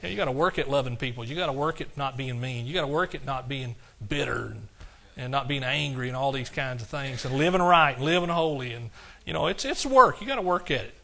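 A man's voice: mid-range voice, animated, quick pace, gravelly, sharp tone. An older man preaching a sermon with fervent, emotional delivery, often calling out to the congregation. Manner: emotional, fervent preaching with audience call-outs. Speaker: pastor.

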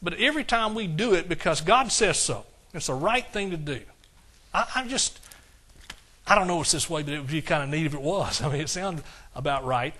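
High, bright-voiced older male preacher. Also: expressive, a little fast. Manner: emotional, fervent preaching with audience call-outs. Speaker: pastor. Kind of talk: sermon.

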